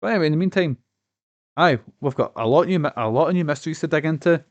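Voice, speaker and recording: A man's voice: on the high side, lively intonation, quick pace, no echo, lo-fi sound. A man streaming a game, chatting casually, rambling with fillers and the odd swear. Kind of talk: casual live-stream chat. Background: game music.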